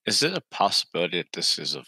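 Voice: low-pitched, sing-song, racing, bright, forceful tone, slightly rough, no room sound. A player in a tabletop game, joking and laughing with the group. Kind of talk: casual tabletop game chat.

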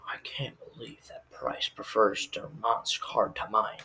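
A man putting on a smug young male corporate killer, quoting him in a hushed, breathy whisper. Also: fairly low pitch, level tone, a little slow. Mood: envious.

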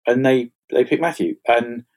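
A man, a fantasy author chatting as an interview guest, self-mocking and quick to laugh at his own stories. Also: medium pitch, steady tone, darkish tone. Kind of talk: casual interview chat.

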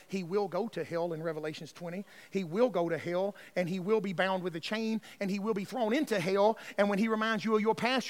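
A male pastor preaching a sermon, swinging between hushed, tender passages and loud, shouted exclamations. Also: sits high.

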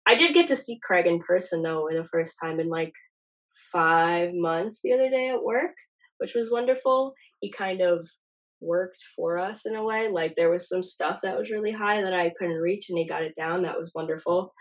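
A young woman hosts a podcast with a nasal voice that sits a little low for her. She talks in loose, rambling, self-deprecating chat. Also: normal speed, rough recording. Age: young adult. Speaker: podcast host. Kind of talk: casual chat.

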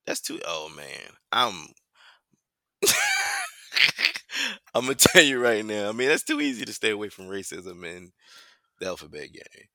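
Gravelly lively man riffing. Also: lowish voice, measured pace, long pauses, no room sound. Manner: loud, joking, rowdy storytelling. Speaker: podcast co-host. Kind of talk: casual chat.

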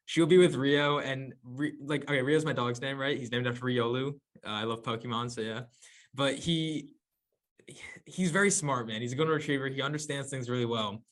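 A man's voice: medium pitch, moderate pace, fairly bright tone. A young man chatting casually with his friends on a podcast, telling stories and corny jokes, laughing often. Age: young adult. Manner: laughing, corny-joke storyteller, says man a lot. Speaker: podcast co-host. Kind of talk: casual chat among friends.

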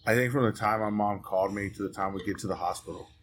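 A man's voice: lowish voice, fairly even intonation, quick pace, slight background noise. A man hosting a podcast, in a loose, profane, storytelling chat with friends. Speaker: podcast host. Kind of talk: casual chat.

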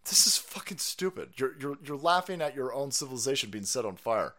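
A man's voice: medium pitch, big pitch swings, a little fast, bright, forceful tone. A man ranting on a live stream, sarcastic and profane, who often laughs at his own jokes. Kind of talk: profane political rant.

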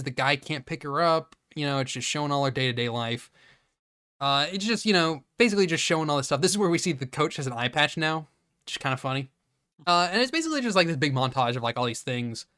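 Bright-voiced man recapping a movie. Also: mid-range voice, dry recording, studio quality. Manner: recounts scenes acting out characters, swears often, laughs. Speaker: podcast co-host. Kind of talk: casual movie recap chat.

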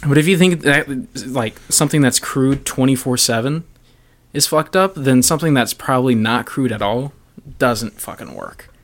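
A man's voice: mid-range voice, moderate pace. A young man, a comedian guest on a podcast, rambling in casual chat and acting out little voices for his bits.

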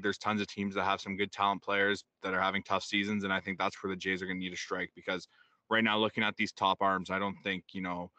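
A man's voice: deep voice, bright, forceful tone, no echo. A man co-hosting a sports podcast, rambling in casual talk with many fillers. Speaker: podcast co-host.

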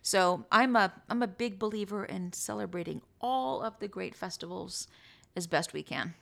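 An American woman hosting a podcast, telling personal stories in a chatty, halting way with many fillers and restarts. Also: mid-range voice, vocal fry, a bit bright. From United States. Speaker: podcast host. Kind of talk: personal storytelling.

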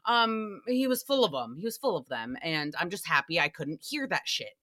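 A woman's voice: on the low side, normal speed. A young woman hosting a podcast, recapping an episode in a profane, sarcastic comic monologue. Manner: profane, sarcastic, animated storytelling. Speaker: podcast host. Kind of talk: casual comedic recap monologue.

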